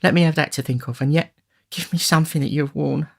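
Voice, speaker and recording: A man's voice: a little high, fairly even intonation, fast talker, gravelly, voice pushed up. A man voicing a frightened young woman of the streets in an audiobook, pleading and tearful.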